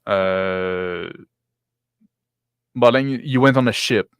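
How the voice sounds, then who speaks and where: A man who is not a native English speaker, a game master and host, talking casually in a halting way with many restarts and slips in grammar. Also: lowish voice, smooth, no room sound, studio quality. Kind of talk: casual discussion.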